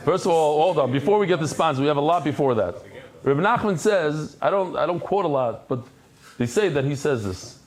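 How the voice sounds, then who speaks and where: A man who is a rabbi giving a Talmud lecture, talking conversationally to his class and acting out anecdotes with lively energy. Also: a little high, brisk. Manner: animated storyteller who acts out anecdotes; conversational, addresses the class directly.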